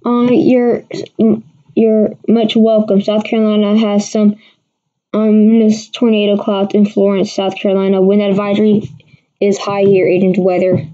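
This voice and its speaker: A woman's voice: medium pitch, flat delivery, moderate pace, mellow. A woman hosting a casual livestream weather forecast, rambling with many restarts while answering viewers. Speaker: amateur weather forecaster host. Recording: dull lo-fi stream audio.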